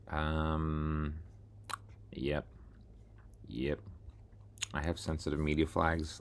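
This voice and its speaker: An extremely low-pitched man with vocal fry and a slightly bright tone rambles casually through a screen-share video blog. He meanders, mutters to himself, pokes fun at himself, and narrates as he scrolls and clicks.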